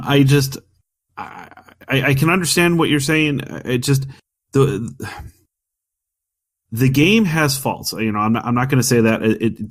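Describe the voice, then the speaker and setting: A man co-hosting a casual gaming podcast, rambling with many restarts and arguing his opinions firmly. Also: medium pitch. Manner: opinionated, argumentative. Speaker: podcast co-host.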